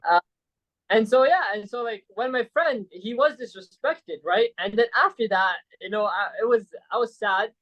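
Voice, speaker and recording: A man's voice: high-pitched, normal speed, highs cut off. A man from Saudi Arabia, a podcast guest telling a story in a casual chat, rambling with lots of fillers and tag questions. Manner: rambling, peppered with "like" and "right?".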